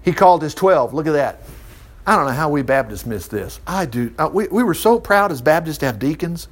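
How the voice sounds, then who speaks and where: Man preaching, bible teaching, bit high voice, swings up and down a lot, keeps breaking in with asides. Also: a little fast. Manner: animated, reads verses and breaks in with asides. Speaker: Baptist preacher. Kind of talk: sermon teaching with scripture reading.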